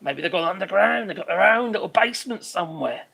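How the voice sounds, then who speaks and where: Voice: mid-range voice, animated, fast, vocal fry, a bit bright, husky. A live stream host giving rambling commentary, swearing freely and trailing off while hunting for names.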